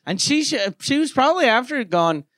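High-voiced man telling stories dry. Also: fairly quick, dry recording. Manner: animated, swears freely, acts out quoted voices. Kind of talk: casual storytelling chat.

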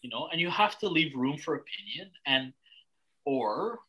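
A man's voice: on the high side, very animated, moderate pace, sharp tone, husky, rough recording. A young man from Canada hosting a casual podcast chat, blunt and rambling, swearing freely with lots of restarts. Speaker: podcast host.

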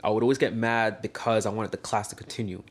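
A young man in a casual chat, telling an animated, slangy story and acting out the lines of people in it. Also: fairly low pitch, fast talker.

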